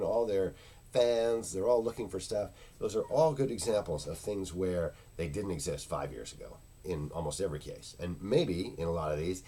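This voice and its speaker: Man, very deep voice, rambling casual product review, lots of ums, searching for words. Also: a little mellow, husky. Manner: rambling, loses his words, many fillers. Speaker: internet marketing product reviewer.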